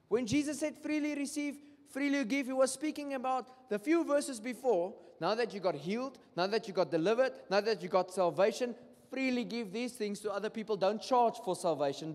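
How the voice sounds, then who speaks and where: High-pitched South African preacher in a reverberant hall. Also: male voice. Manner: switches between English and Afrikaans, animated storytelling with acted-out quotes. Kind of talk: sermon. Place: church hall.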